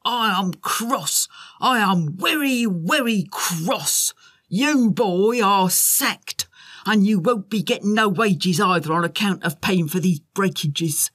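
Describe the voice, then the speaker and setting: A woman voicing a short, rotund, bald factory boss with a twang and a blustering, indignant shout. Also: medium pitch, lively intonation, slow pace. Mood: furious.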